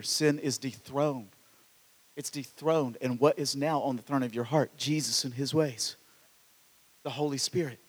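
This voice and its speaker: A man preaching a sermon in an animated way, swinging from loud exclamations to hushed asides, with stammered restarts. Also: mid-range voice, big-room sound. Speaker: pastor.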